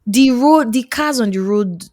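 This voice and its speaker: A Nigerian woman co-hosting a podcast in casual chat, animated and pleading, breaking into mimicked accents. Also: a little high, a little slow, dry recording, clean studio sound. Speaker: podcast co-host.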